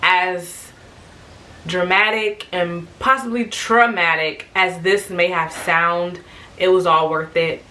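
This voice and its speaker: Bright, forceful woman telling a story. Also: lowish voice, takes it slowly. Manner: animated storytelling, acting out what people said. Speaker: vlogger sharing her birth story. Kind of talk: casual storytime monologue.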